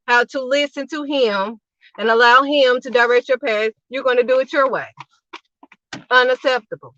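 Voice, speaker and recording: A woman's voice: a little high, pushed and bright, dry recording, lo-fi sound. A woman preaching casually to camera as a channel host, emphatic and repetitive, driving each point home in short punchy phrases.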